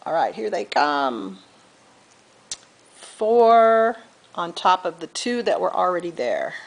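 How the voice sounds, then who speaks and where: A woman's voice: on the low side, very animated, slow pace, low-quality recording. A middle-aged woman giving a patient step-by-step beading tutorial, counting beads aloud and correcting herself as she goes. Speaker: beading instructor.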